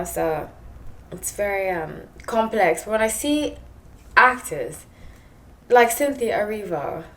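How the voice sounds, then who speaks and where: A woman with a South African English accent, a tarot reader talking casually and rambling, with frequent laughter. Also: medium pitch. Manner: chatty, rambling, laughs often. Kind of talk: casual tarot reading monologue.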